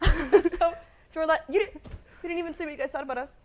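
A young woman hosts a student game show with a high, bright voice. She rambles casually, and laughter keeps breaking into her lines. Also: fast. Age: young adult. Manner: giggly, rambling, laughs often.

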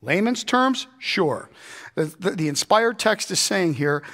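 A man's voice: a little high, animated, unhurried, a bit bright. A man preaching a verse-by-verse Bible teaching sermon in a church, emphatic and conversational, putting rhetorical questions to his congregation. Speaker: pastor.

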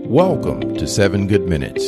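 A man with a low voice that rises and falls in a lively way, delivering a scripted podcast introduction at a slow, deliberate pace. Loud music plays under him throughout. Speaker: podcast host.

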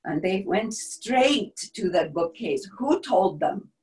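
A woman performing a first-person dramatic monologue as a brave wartime helper, grave and measured, sometimes dropping to a hushed whisper. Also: medium pitch, animated, poor audio. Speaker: stage performer.

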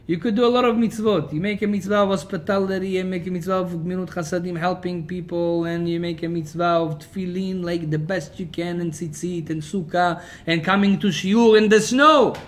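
Brief: rabbi lecturing, lively storyteller, higher male voice. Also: fairly quick, hardly any pauses. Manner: animated storyteller, swings between loud and quiet.

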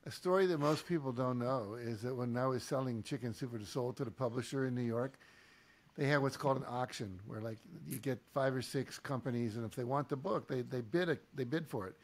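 A man's voice: medium pitch, fairly quick. A man hosting a podcast interview, talking in a reflective, storytelling way with many "you know"s. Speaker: podcast host. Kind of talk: conversational interview.

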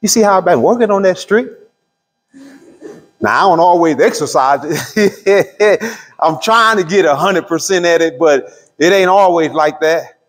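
A middle-aged pastor teaching a Bible study, asking the room questions and drawing out key words. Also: male voice, sits high, animated. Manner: call-and-response questions to the room; drawls key words slowly. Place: church hall. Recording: long hall reverb.

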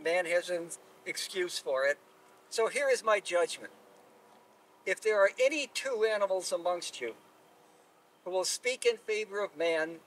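A man's voice: sits high, a bit bright. A man voicing a great creator god who gives weighty, solemn judgments. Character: great creator god, stern male judge. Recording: distant mic at live telling.

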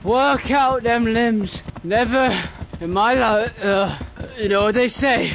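A man's voice: very high voice, takes it slowly, fairly bright tone. A man playing a horror game, screaming, swearing and begging for help as he goes. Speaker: gaming YouTuber. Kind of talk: panicked horror gameplay commentary.

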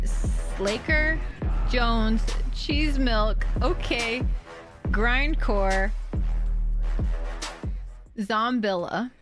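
A woman with a high, bright voice thanks her viewers one name at a time, giggling and close to tears. She speaks slowly and lingers on each name. Music plays clearly behind her. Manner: emotional and giggly, reading out names. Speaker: streamer. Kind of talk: thanking gifted subs on a live stream.

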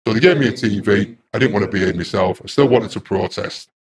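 Male interview guest, low-pitched, repetitive storyteller, noisy crowd in the background. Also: quick pace. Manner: rambling and repetitive, grows loud and agitated. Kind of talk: casual first-person storytelling.

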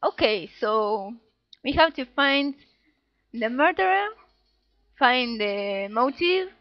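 Expressive and slow-paced, her voice leans high as she plays a game and chats lightly about it. The giggly let's play gamer reads dialogue aloud in little voices, and her home recording sounds dull and dry, lacking room sound.

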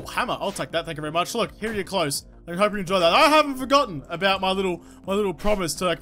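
A woman giving excitable, swear-filled let's-play commentary, talking to herself and the game. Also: mid-range voice. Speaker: gaming YouTuber. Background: game music.

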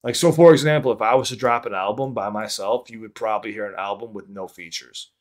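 A man with a lowish voice talks loosely to his live stream audience. He rambles, stops and restarts his sentences, and swears casually. He sounds like he is speaking into a desk mic at a home setup. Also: quick pace. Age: under 50. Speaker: livestream reaction host. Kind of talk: casual livestream chat.

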